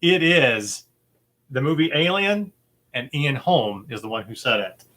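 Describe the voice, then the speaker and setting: A man running a casual podcast movie quiz, upbeat and chatty, laughing easily between questions. His voice has a bright, forward ring at a middle pitch. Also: sing-song, a little slow. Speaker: quiz host.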